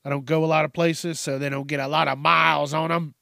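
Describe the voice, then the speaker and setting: A man hosting a casual, profane, joking news commentary from his desk at home, rambling and breaking into squeaky voices. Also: level tone, fast talker, vocal fry, pushed and bright, dry recording, clean studio sound.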